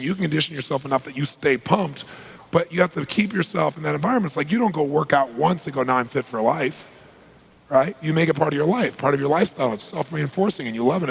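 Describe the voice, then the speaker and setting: A man's voice: medium pitch, creaky, slightly rough, rough recording. A man giving a motivational talk, telling a story with emphatic, punchy delivery and acting out conversations. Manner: emphatic, punchy, acts out quoted exchanges. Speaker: motivational speaker.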